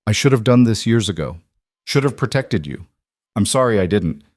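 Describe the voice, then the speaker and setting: A man's voice: fairly low pitch, expressive, normal speed, darkish tone, no room sound. Regretful middle-aged mother, read by a man, strained, resolute, dry. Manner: strained, determined.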